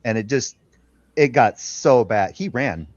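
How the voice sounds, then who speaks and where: A man's voice: mid-range voice, lively intonation, measured pace, no echo. A man on a discussion panel, telling rambling, profane anecdotes in a casual way. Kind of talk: casual debate chat. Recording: dull dry audio.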